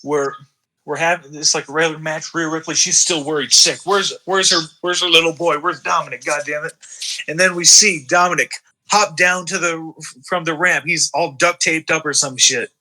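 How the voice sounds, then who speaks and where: Bright-voiced casual young man. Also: a little high, steady tone, rough recording. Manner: loose and profane, slips into quick put-on character lines. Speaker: co-host of a wrestling sim playthrough. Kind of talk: casual gaming commentary, acting out the story.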